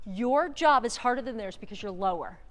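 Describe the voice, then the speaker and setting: A woman working as a band clinician, rehearsing an ensemble on a large theater stage, giving quick directions, counting off and singing syllables to show how the notes should sound. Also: on the high side, lively intonation. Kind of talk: rehearsal coaching. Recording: theater reverb with faint noise.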